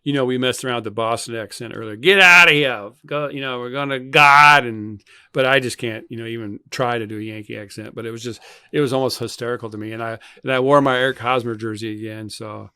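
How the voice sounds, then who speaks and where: Bright, quick-talking older man chatting. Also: medium pitch, fairly even intonation, smooth, no room sound, clean studio sound. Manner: rambling, restarts and repeats himself. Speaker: podcast co-host. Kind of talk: casual chat.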